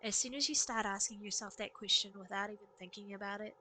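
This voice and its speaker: A woman reading as a soft-spoken dying young teacher. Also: mid-range voice, steady tone, noisy background, voice pushed down, close to an everyday voice. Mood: tender. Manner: soft, slow, hushed reading.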